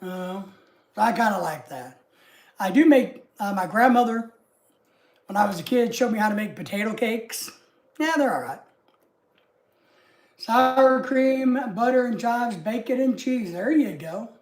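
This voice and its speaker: A woman's voice: on the high side, animated, measured pace, pauses often, darkish tone. A woman with a Southern US accent hosting a livestream, chatting casually with viewers in a rambling, homey way. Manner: rambling and homey, chatting easily with frequent asides. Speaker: livestream host.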